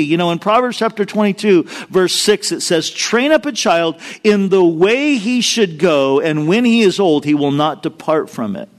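Emphatic higher-voiced man preaching. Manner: earnest, emphatic preaching with personal stories. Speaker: pastor. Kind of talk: sermon.

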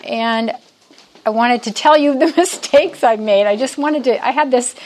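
A woman's voice: on the high side, moderate pace, a little mellow. A woman in her sixties giving a casual church talk to a women's Bible study, chatty and self-deprecating, laughing often and a little nervous, with frequent restarts. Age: 60s.

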